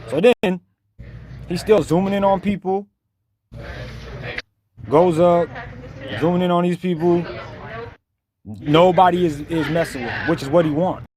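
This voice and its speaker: Mocking man with a higher voice. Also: a little slow, long pauses, a crowd in the background. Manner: mocking, blunt and slangy. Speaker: video commentator. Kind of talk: casual reaction commentary.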